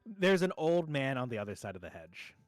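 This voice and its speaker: A man's voice: medium pitch, sing-song, brisk, dry recording, faint music behind. A young man running a tabletop game as dungeon master, rambling through his narration with many fillers and restarts.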